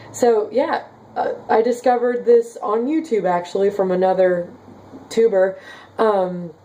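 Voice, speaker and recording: A young woman from Kansas whose speech carries a slight Southern accent. She chats casually and giggles between thoughts, leaning on "like" and "um." Her voice is mellow and even in pitch. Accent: slight Southern with Midwestern base. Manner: chatty, many "like" and "um" fillers, giggly. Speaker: vlogger reading viewer comments. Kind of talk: casual chat.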